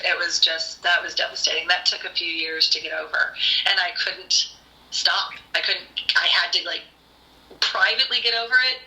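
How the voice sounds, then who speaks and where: A woman's voice: on the low side, echoey room, rough recording. A woman host chatting casually, telling her stories with gushing enthusiasm and plenty of fillers. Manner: gushing, animated storyteller with many fillers. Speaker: podcast host and screenwriter. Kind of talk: casual storytelling chat.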